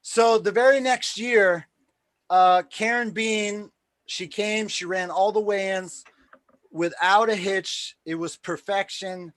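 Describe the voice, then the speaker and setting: A man's voice: high-pitched, slow, no echo. A man hosting a live stream, casually telling a promoting story with plenty of swearing, acting out the voices of the people he quotes. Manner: excitable, swears freely, acts out quoted dialogue.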